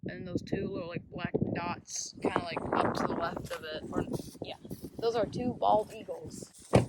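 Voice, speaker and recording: A woman's voice: medium pitch, very animated, normal speed, creaky, very noisy. A young woman with a Southern US accent hosting a casual outdoor vlog by a lake, chatty and rambling with lots of fillers. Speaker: vlog host. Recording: loud music underneath.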